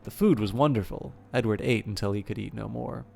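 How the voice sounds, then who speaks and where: A man reading a book aloud during a game playthrough, steady with occasional slips and asides. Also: lowish voice, brisk, gravelly, faint music behind. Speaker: let's play narrator.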